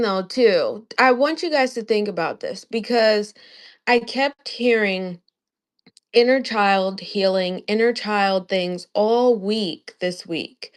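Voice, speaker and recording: A woman co-hosting a casual live-stream chat, talking in an animated, emphatic way and going off on tangents. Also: medium pitch, slow pace, clear, resonant tone.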